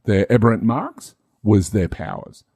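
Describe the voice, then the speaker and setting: A man's voice: on the low side, expressive, unhurried, gravelly, a little mellow, slightly rough, no echo, clean studio sound. A man, a game master co-hosting a casual podcast, rambling and self-deprecating with many fillers.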